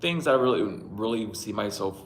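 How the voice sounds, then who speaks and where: A man's voice: fairly low pitch, lively intonation, normal speed, reverberant, a little hiss or hum. A man casually telling his dreams on a livestream, rambling and swearing, laughing often and greeting viewers by name. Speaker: livestream host reading dreams. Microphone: Bluetooth mic.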